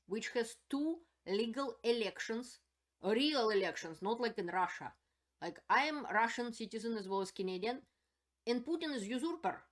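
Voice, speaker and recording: A woman hosting her own channel, giving spoken political commentary in an indignant, emphatic way and repeating her points. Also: medium pitch.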